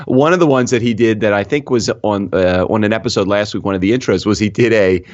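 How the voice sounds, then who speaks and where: Male podcast co-host, giggly, halting delivery, slightly muffled dry recording. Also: fairly low pitch, darkish tone, no room sound. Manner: laughs often, halting restarts. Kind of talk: casual chat.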